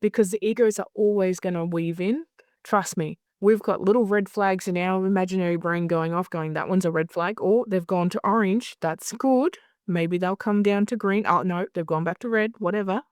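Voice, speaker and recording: A woman's voice: medium pitch, normal speed, darkish tone, dry recording, studio quality. Blunt, swearing woman. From Australia. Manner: blunt, swears freely, acts out other voices. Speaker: hypnosis conference director. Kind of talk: candid interview talk.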